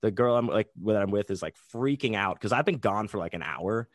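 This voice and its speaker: A man's voice: fairly low pitch, animated, brisk, no room sound, studio quality. A man guesting on a podcast, telling a rambling, profane anecdote full of restarts and asides.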